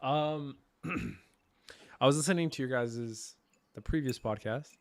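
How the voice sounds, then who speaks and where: A man hosting a casual, livestreamed podcast, speaking hesitantly with many ums and thoughtful pauses. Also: mid-range voice, no echo. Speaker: podcast host.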